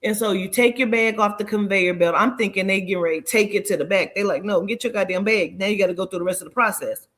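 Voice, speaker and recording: A woman telling a story in casual chat, animated and profane, acting out the dialogue. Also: mid-range voice, fast, few pauses. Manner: animated, profane, acts out dialogue in shifting voices.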